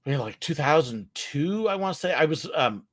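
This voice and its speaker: A man's voice: on the high side, expressive, moderate pace, a bit bright. Casual male guest from California, light voice, chatty storyteller. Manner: easygoing storyteller, laughs often. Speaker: guest, former theme park ride skipper. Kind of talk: casual video call chat.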